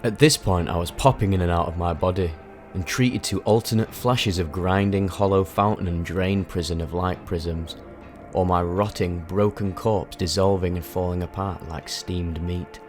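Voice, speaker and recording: Low-voiced man telling an intense story. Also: fairly even intonation, moderate pace, soft background music. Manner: intense, vivid, emphatic. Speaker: narrator. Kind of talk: dramatic first-person storytelling.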